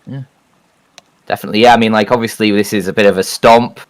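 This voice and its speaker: A man's voice: lowish voice, fairly even intonation, quick pace. A man casting a shooter match with play-by-play, joking and laughing as he talks. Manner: joking, chatty, laughs often. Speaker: esports caster. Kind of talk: play-by-play commentary. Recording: faint background noise.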